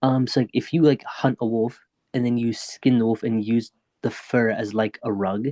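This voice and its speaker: A man's voice: medium pitch, level tone, normal speed, mellow, no echo. Young-sounding man, American-British blended accent, dry sound. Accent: mix of American and British. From United States. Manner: hesitant, many "like" fillers. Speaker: student.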